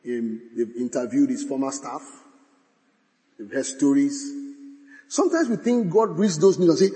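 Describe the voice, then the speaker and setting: A man preaching a sermon, dramatic, swinging from shouts to hushed tones and acting out quotes. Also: medium pitch, expressive, normal speed, long pauses, long reverb tail.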